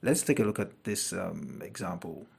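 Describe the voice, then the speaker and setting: A man teaching a grammar lesson. He talks deliberately and repeats each example sentence twice. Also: low-pitched, lively intonation, vocal fry, breathy edge.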